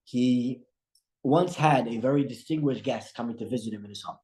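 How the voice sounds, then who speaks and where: A man teaching a religious study class as a rabbi, telling stories in an animated way with frequent restarts. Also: medium pitch, normal speed. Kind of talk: storytelling religious lesson. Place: room at a breakfast study group. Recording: echoey room.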